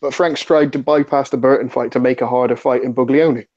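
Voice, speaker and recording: A man's voice: medium pitch, steady tone, quick pace, a little mellow. A man on a casual podcast panel, blunt and dismissive. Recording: dull lo-fi sound.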